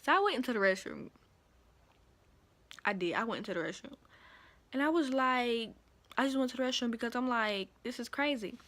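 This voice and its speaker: A chatty young woman tells a storytime to her viewers, animated and conversational. Her voice sits a little high for a woman. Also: brisk, pauses often. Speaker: vlogger. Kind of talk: casual storytime.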